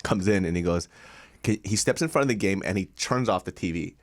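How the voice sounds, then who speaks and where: A man co-hosting a casual podcast, telling stories with loud, laughing impressions. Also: deep voice, fairly quick. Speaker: podcast co-host.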